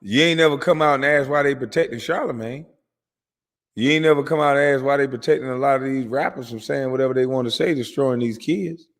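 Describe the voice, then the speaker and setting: A man's voice: medium pitch, fast talker, big-room sound. A man giving heated reaction commentary, profane and mocking as he rants at someone. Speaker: host reacting to a clip.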